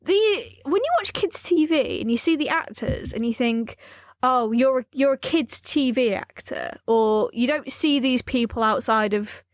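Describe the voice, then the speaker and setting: A woman co-hosting a podcast in casual chat, animated and rambling, often correcting herself mid-sentence. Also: on the high side, measured pace, no echo, studio quality. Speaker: podcast co-host.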